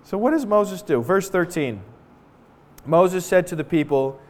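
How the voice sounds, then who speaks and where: A man preaching a sermon to a congregation indoors, animated and jokey in a conversational way. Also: high voice, measured pace. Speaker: pastor.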